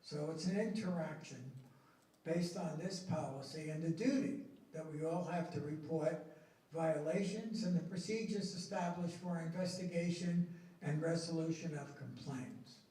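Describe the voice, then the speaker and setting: A middle-aged man presenting policy at a school board meeting, slow and emphatic, stressing key words. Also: fairly high pitch, warm tone. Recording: echoey meeting room from far off.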